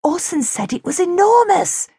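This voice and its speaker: A woman's voice: very high voice, sing-song, normal speed, warm tone, dry recording, clean studio sound, pitched above the performer's own voice, full character voice. A woman voicing a cheeky, teasing small female fairy penguin in a children's storybook. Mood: hushed. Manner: teasing, whispering at times.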